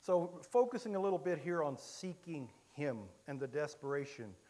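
A man from Illinois preaching a sermon, telling a story with many halting restarts. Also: a little high, lively intonation, a little mellow. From Illinois, USA.

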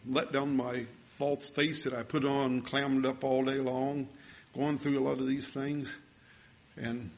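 A man's voice: mid-range voice, creaky, slight background noise. An older man preaching a sermon, telling a story in a folksy way and building to fervent exhortation.

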